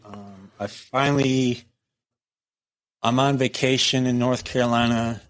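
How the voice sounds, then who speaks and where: A man's voice: mid-range voice, a little slow. A middle-aged man with an ordinary mid-range voice tells stories in a casual interview. He is blunt and swears freely. He acts out other people's lines as he goes. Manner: blunt, profane, lively storyteller who acts out quotes. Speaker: guest, former prison captain.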